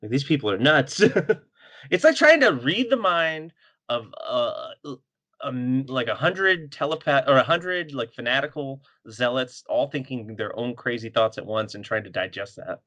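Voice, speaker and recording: Bright, animated podcast guy. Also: mid-range voice, a little slow. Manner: animated, laughs often, acts out quotes. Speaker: podcast co-host. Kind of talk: casual comic book chat.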